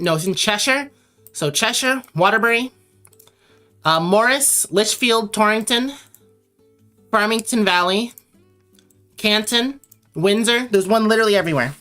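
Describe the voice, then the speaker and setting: A young Connecticut woman with a mid-range, somewhat bright voice chats casually during a late-night drawing livestream. She rambles and responds to viewers while reading their messages aloud.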